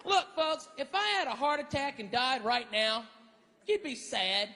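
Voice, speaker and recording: Crowd laughter fills a reverberant hall as this Arkansas comic, very high-pitched with lively intonation, works the audience at a measured pace. Bright and forceful, he keeps his large-venue set brash, profane, and punchy.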